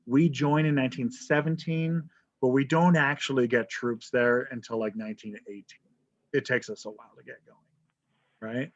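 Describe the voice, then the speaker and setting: Speaking at a moderate pace in a steady, mid-range voice, a man runs a casual online history class full of jokes and "right?" check-ins. The sound is the dull, lo-fi kind typical of a video call.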